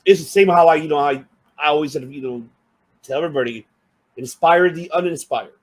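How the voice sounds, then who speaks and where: Fast-talking male interview host. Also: fairly high pitch. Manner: enthusiastic, repeats words while searching for phrasing. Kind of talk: casual interview chat.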